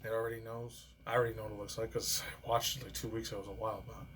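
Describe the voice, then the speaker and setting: A man's voice: fairly low pitch, little pitch movement, rapid-fire, a bit bright, slight background noise. Rambling, profane male vlogger. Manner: profane, rambling, often laughing. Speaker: reaction and news vlogger. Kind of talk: casual rambling commentary.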